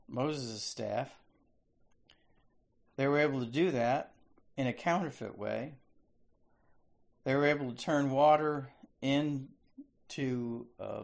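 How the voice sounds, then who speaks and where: A man's voice: mid-range voice, creaky. A man preaching a sermon, reading scripture aloud and explaining it. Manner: slow, deliberate delivery.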